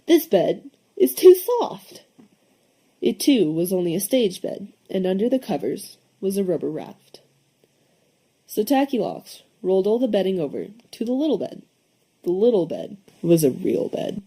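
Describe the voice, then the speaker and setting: A young woman reading a children's storybook aloud, expressive, with lively voices for the characters. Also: medium pitch, normal speed, slightly rough. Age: young adult. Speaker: audiobook reader.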